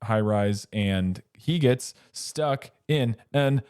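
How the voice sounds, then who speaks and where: A man's voice: fairly low pitch, drawn-out words, a little mellow, clear, resonant tone, no room sound, studio quality. A man co-hosting a casual film podcast, rambling through the plot with self-interruptions and chuckling asides. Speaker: podcast co-host.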